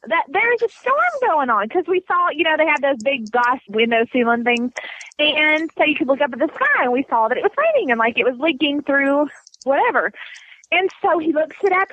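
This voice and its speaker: A woman in her thirties co-hosting a podcast, telling a rambling story in casual chat, animated and laughing often. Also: high voice, no room sound, muffled recording. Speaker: podcast co-host.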